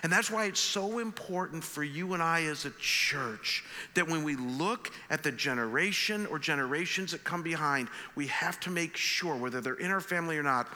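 A middle-aged male pastor preaching with a very bright, forceful voice pitched a little high. He speaks earnestly and conversationally, often stumbling over restarts. The sound carries a long reverb from the church sanctuary. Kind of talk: sermon.

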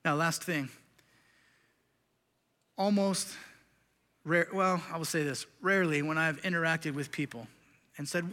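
A middle-aged male pastor preaching a sermon in a church sanctuary, earnest and confessional, rising to loud emphasis and dropping to quiet intensity. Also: fairly high pitch, a little slow, long pauses, in a large hall.

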